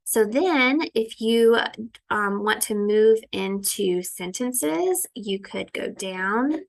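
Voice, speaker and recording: A woman teacher walking through a recorded lesson, slipping into a sing-song classroom voice and sounding out letters slowly. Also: medium pitch, vocal fry.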